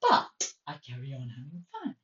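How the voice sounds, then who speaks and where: A woman who works as a life coach, telling a personal story in a chatty, expressive way and acting out her own thoughts. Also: a bass voice, normal speed, slight background noise. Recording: roomy, distant, dull sound.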